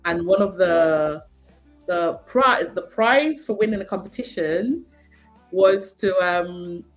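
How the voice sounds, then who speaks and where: A woman from Jamaica with a Jamaican accent, a guest telling stories in a casual, animated chat, laughing often and using many fillers. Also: fairly low pitch, takes it slowly, lo-fi sound, soft background music.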